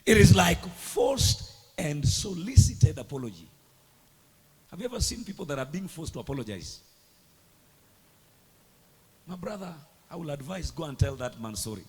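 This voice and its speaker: A man preaching a sermon, dramatic and emphatic, swinging between hushed and loud lines. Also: fairly high pitch, expressive, normal speed, long pauses, husky. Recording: echoey hall with long reverb.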